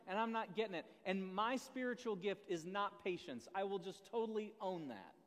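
A high-voiced male pastor preaches conversationally, tossing questions to his listeners and poking fun at himself. His voice carries through a church sanctuary with a long reverb tail. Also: fairly bright tone. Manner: conversational, self-deprecating, asks the audience questions. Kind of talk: sermon. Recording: long reverb of a large hall.

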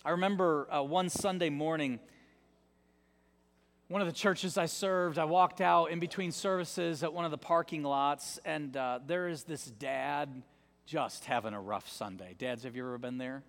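A male pastor giving a sermon in an emphatic, repetitive style, dropping into soft tones for effect. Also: on the high side, moderate pace, creaky. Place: large church. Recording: long reverb of a large church.

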